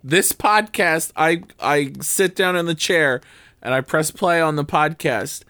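A tired man co-hosting a comedy podcast, rambling through a story, his voice jumping up and down in pitch and loudness. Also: measured pace, no room sound. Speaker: podcast co-host.

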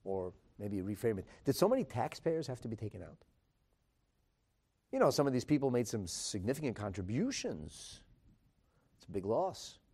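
Animated man teaching a Talmud class. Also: mid-range voice, normal speed, pauses often, slightly rough. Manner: animated, emphatic, rhetorical questions; mixes in Hebrew and Aramaic terms.

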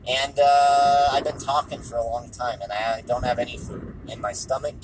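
A man's voice: mid-range voice, level tone, moderate pace, slight background noise, rough recording. A tired, hungry man hosting a casual solo podcast, offhand and dismissive, repeating himself, recorded in a car. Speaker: podcast host.

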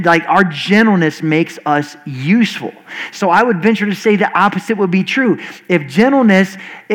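A male pastor in his forties delivers a sermon in a fairly high voice. He talks quickly and earnestly, often restarting his sentences as the words tumble out. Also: low-quality recording. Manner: fast-talking, earnest, with frequent restarts.

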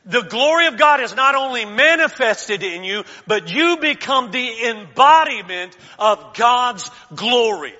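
High bright-voiced preacher in a hall. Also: male voice, animated, unhurried, hardly any pauses. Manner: preaching with call-and-response, swinging from shouts to quiet asides. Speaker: pastor. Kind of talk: sermon. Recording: dull sound in a large reverberant hall.

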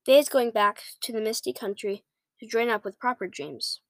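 A woman reading aloud and voicing a big, gentle male giant who talks in mangled, folksy grammar. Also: on the high side, lively intonation, normal speed, no room sound. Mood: explaining. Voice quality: ungrammatical folksy speech.

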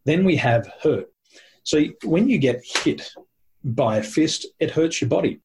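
A man's voice: a little high, expressive, unhurried, darkish tone, a little hiss or hum. A man talking with a host, explaining points in a teacherly, emphatic way and listing them one by one. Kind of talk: conversational explaining.

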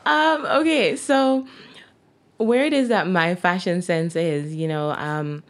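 A woman's voice: fairly low pitch, takes it slowly. A Jamaican woman in her thirties, a guest in an interview, chatting casually with many fillers and laughs. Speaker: guest, T-shirt brand owner.

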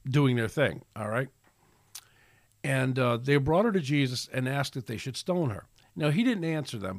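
A man's voice: mid-range voice, no room sound, studio quality. A man hosting a casual solo podcast, rambling and preachy, with many restarts and fillers. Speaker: podcast host.

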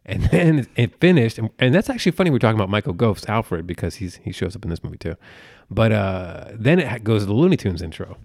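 A man's voice: lowish voice, sing-song, quick pace, few pauses, darkish tone, no room sound, clean studio sound. A man in his thirties co-hosting a podcast in casual chat, crude and joking, slipping into goofy impressions. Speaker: podcast co-host.

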